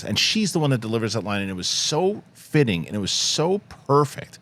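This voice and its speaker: A man hosting a casual film discussion, animated and laughing as he retells scenes. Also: medium pitch, normal speed. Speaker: host.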